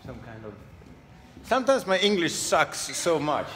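Swedish comic, lively high voice, unhurried, self-mocking, recorded far off in an echoey noisy room. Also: male voice. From Sweden. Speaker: stand-up comedian. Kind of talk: travel vlog and stand-up set. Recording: echoey, distant, noisy ambience.

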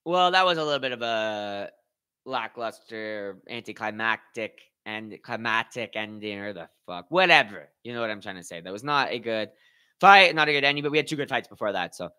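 A young man hosting a live watch party, commentating on slap fights with excitable, profane banter and shoutouts to his chat. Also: on the low side, brisk, clear, resonant tone. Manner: excitable, swears a lot, talks to chat. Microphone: headphones with mic.

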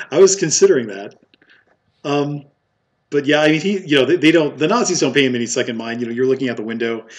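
A man's voice: medium pitch, fairly quick, pauses often. A man running a tabletop game as game master, narrating with many fillers and frequent laughs.

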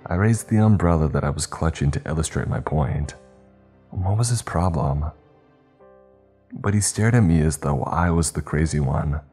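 Very deep, husky male horror narrator. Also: normal speed, dark tone. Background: faint background music.

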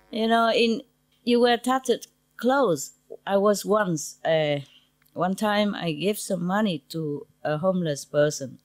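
Speaking slowly and pausing often, a woman with a medium-pitched voice gives an informal talk to her disciples as their spiritual teacher at a meditation centre. Her English is non-native, with simple grammar, and she is chatty and humorous, laughing between asides. There is no echo on the recording.

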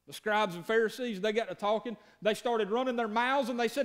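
A man's voice: high-pitched, fairly even intonation, a little fast, few pauses. A man preaching a sermon as pastor, telling the story in a folksy, conversational way and talking straight to his congregation.

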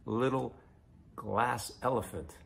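A man voicing a pushy male frog who insists on getting a bank loan, in an insistent, drawn-out way. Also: medium pitch, creaky, fairly bright tone, slight background noise.

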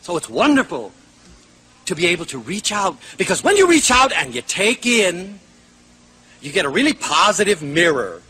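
Older male lecturer, high and bright, very animated, acts out voices. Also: normal speed, slight background noise. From United States. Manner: animated, acts out quoted voices, shouts for emphasis. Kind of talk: lively motivational lecture with anecdotes.

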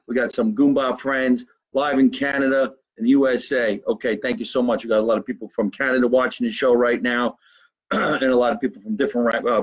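A man with a New Jersey accent hosting a live stream from his basement, reading out viewer comments in a brash, profane, fast-talking way. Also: mid-range voice, lo-fi sound. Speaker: comedian hosting a live show. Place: home basement.

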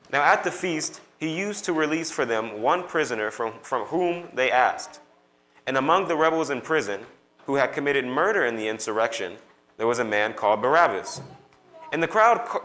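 A man giving a measured, expressive public scripture reading in a church. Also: medium pitch, slight background noise, rough recording. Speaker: scripture reader.

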